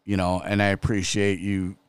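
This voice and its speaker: A middle-aged man co-hosting a podcast, talking slowly with many restarts and frequent laughter. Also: low-pitched, monotone, clear, resonant tone, no room sound. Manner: laughs often, slow and halting with restarts. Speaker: podcast co-host. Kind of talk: casual podcast chat.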